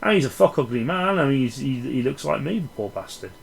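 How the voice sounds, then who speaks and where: A man's voice: medium pitch, lively intonation, brisk, vocal fry, a little hiss or hum, low-quality recording. A man giving a casual, rambling film review, sweary and sardonic.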